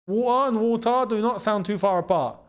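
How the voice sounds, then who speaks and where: A man's voice: high-pitched, a little fast. A young man with a London accent hosting a live football watchalong, chatting casually, laughing often and reading out viewer messages. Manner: chatty, laughs often, reads out super chats. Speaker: watchalong host. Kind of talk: casual live match commentary.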